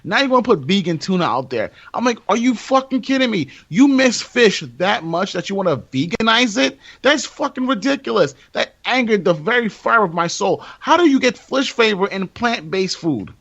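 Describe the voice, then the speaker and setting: A man's voice: high voice, very animated, moderate pace, creaky, few pauses, fairly bright tone. A man co-hosting a podcast, going on a profane, exasperated rant in casual chat. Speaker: podcast co-host. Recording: dull lo-fi audio.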